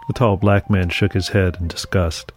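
A man reading a dark fiction story aloud in a measured, scripted narration. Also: deep voice, little pitch movement, faint music behind.

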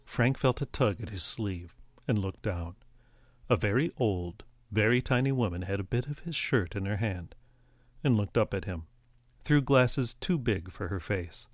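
A man reading a story aloud as an audiobook narrator, in a steady, even storytelling manner. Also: lowish voice, a little slow, no room sound, studio quality.

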